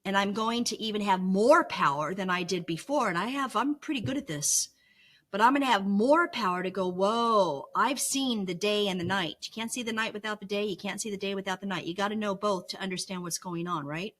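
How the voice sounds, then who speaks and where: A woman's voice: medium pitch, a little fast, a bit bright. A middle-aged woman talking earnestly in a vlog, coaching with repeated phrases and frequent "right?" asides. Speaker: vlogger sharing her recovery lessons. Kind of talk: reflective, teaching vlog talk.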